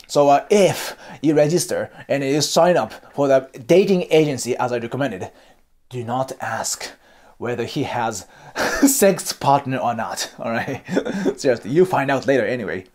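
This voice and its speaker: Japanese man, Japanese accent, casual advice host, highly animated pitch, swears and laughs often. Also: normal speed. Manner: blunt, frequent swearing and laughter. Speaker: host giving dating advice. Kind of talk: casual monologue.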